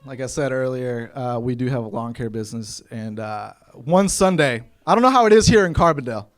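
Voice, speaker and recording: A man from Kentucky telling stand-up stories on stage to a live audience, with an animated, punchy, conversational delivery into a handheld mic. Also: medium pitch, brisk. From Kentucky, USA. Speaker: stand-up comedian. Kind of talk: stand-up comedy storytelling.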